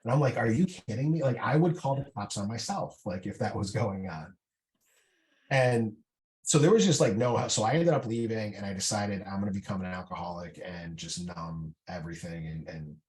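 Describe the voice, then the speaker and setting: A man's voice: lowish voice, darkish tone. A middle-aged man, a veteran guest on a podcast, telling his story in a candid, casual way with many fillers and restarts. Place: indoor podcast room.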